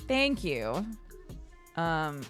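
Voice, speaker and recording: A woman's voice: low voice, extremely slow. Chatty, laughing woman streamer. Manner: chatty, laughs often, animated storytelling. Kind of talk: casual chat with stream chat. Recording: faint background music.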